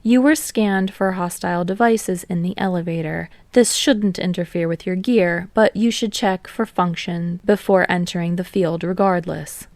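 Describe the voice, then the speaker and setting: A woman voicing a polite young female receptionist with a soft, pleasant, businesslike manner. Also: fairly low pitch, normal speed, hardly any pauses, no room sound, natural voice.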